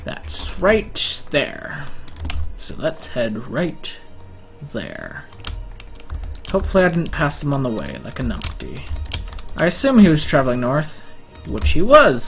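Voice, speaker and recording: A gamer giving casual, self-mocking commentary on his own play, with sudden excitable outbursts. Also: medium pitch, takes it slowly, long pauses. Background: faint in-game music and keyboard typing.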